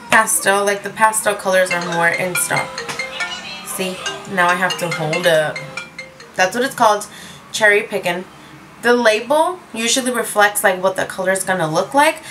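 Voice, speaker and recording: A woman's voice: mid-range voice, sharp tone, rough recording. A woman reviewing lipsticks in a casual, rambling chat from her room at home, dropping in Spanish words as she talks. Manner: rambling, chatty, self-mocking. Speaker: beauty vlogger reviewing lipsticks.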